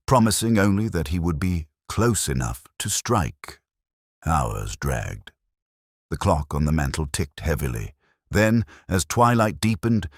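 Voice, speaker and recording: A man narrating a detective story in a measured, dramatic storytelling manner. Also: low-pitched, dry recording, clean studio sound. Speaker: audiobook narrator. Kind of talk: scripted narration.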